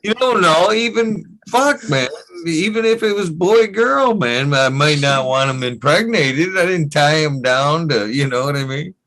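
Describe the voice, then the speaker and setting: Young guy, laid-back storyteller among buddies; slow, expressive delivery, salty language. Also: on the high side, rough recording. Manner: animated storyteller, swears, laughs often. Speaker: podcast regular. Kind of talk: casual chat among friends.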